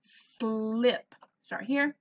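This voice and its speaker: Speaking very slowly in a voice on the high side, a woman with a Southern US accent gives a virtual first grade phonics lesson. She sounds out words and stretches them for young children.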